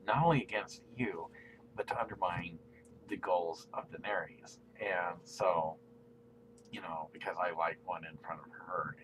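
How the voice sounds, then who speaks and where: Man, low-pitched, giggly, sheepish, rambling video message, faint hiss. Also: rough recording. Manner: giggly, self-conscious, often laughing mid-sentence; drops to a soft near-whisper when embarrassed. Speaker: aspiring actor addressing a celebrity.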